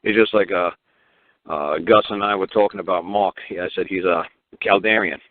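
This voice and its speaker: A man's voice: deep voice, steady tone, moderate pace, dry recording. A man hosting a call-in radio show, ranting in a rambling, profane way and repeating himself. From New York, Brooklyn. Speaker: radio talk show host. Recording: tinny phone-line radio audio.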